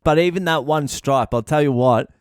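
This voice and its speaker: Give me a brash Australian man with a smooth voice, ranting comedic advice with lots of swearing. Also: on the high side, normal speed, no room sound, studio quality. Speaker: podcast host and comedian. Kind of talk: profane comedic advice monologue.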